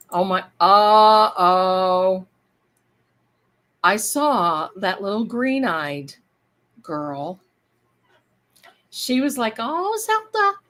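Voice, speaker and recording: Woman rambling on her live stream, slow easy pace, chatty, talks right to the viewers. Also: lowish voice. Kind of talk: casual livestream chat.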